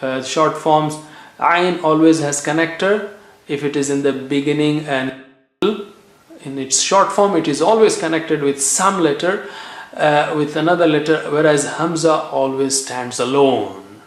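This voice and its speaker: A man teaching tajweed, slowly repeating each letter sound and checking in with "okay" as he drills pronunciation. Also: a little high. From India. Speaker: Quran recitation teacher. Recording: echoey room.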